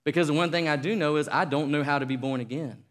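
A man preaching a sermon, telling a story in an animated, conversational way. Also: fairly high pitch, quick pace, in a large hall. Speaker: pastor.

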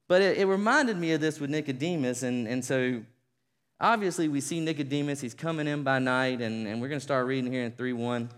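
A man preaching a sermon, telling a story in an animated, conversational way. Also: on the high side, in a large hall. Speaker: pastor.

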